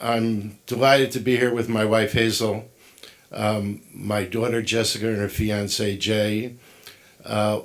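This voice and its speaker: A man's voice: fairly low pitch, little pitch movement, slow pace. A man giving short podium remarks at a ceremony, joking in a dry way. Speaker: event speaker.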